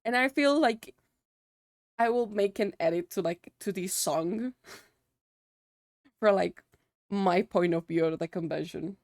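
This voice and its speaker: A woman's voice: medium pitch, slow pace, long pauses, darkish tone, dry recording, clean studio sound. A young woman, a Spanish native speaker, chatting casually with her livestream viewers and filling her sentences with "like". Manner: chatty, many "like" fillers, answering chat.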